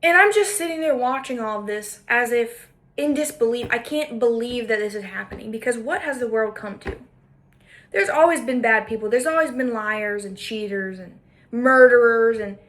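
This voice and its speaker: A woman with a high voice tells a story as a commentary monologue. She is emphatic and indignant. She repeats her points for weight. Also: fairly bright tone. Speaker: podcaster.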